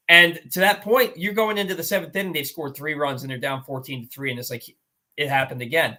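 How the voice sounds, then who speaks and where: Telling a game story on his laid-back sports talk show, this male host comes across animated and exasperated. He restarts himself rapidly, and his pitch runs fairly high.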